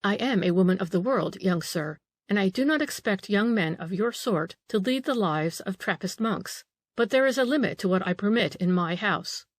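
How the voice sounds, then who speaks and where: A woman reading the part of a proud, sharp, motherly Italian marchesa who scolds a young man. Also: mid-range voice, lively intonation, normal speed, no echo, close to an everyday voice. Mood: scolding.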